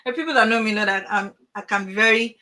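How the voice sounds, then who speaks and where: A middle-aged woman giving an animated motivational talk to parents over a video call, full of emphatic rhetorical questions. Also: mid-range voice, fast. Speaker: transformational coach.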